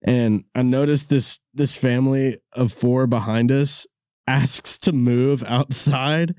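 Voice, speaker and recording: A young man hosting a podcast, telling stories in a casual, animated way with lots of laughter and sudden high-pitched bits. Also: slow, clean tone, dry recording, studio quality. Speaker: podcast host. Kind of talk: casual storytelling chat.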